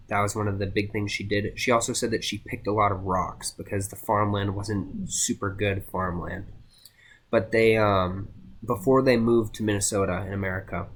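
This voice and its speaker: A young man giving a casual class presentation, halting with many fillers and restarts. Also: on the low side, a bit bright. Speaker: student presenter.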